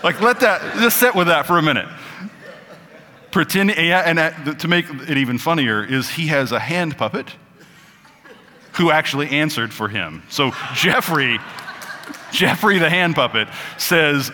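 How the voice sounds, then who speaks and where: Male pastor, bright forceful tone, chatty humor and slow emphatic scripture reading, long church reverb. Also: on the high side, expressive, a little hiss or hum. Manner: conversational and joking, slowing down for emphatic scripture reading. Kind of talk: sermon. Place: church sanctuary.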